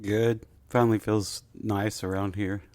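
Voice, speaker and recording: A man's voice: on the low side, level tone, a little slow, darkish tone, no echo. A man from Florida co-hosting a podcast, chatting casually in a rambling, hesitant way with many fillers. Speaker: podcast co-host. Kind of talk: casual chat.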